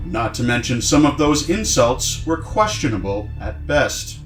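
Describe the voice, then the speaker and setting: A man in a comedic mock-documentary interview, speaking formally and deadpan as the league commissioner. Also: mid-range voice, a little slow, soft background music.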